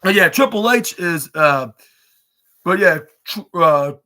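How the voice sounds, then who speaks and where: A man's voice: high-pitched, animated, takes it slowly, bright, forceful tone. A man hosting a podcast, recapping wrestling in a rambling casual way, full of "like" and "uh" and restarted sentences. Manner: rambling, heavy on "like" and "uh". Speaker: podcast host.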